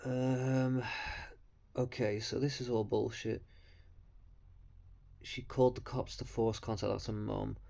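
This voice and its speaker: A man's voice: mid-range voice, level tone, slow pace, gravelly, long pauses, mellow. A man giving blunt, mocking, profane commentary on video clips. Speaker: commentary host.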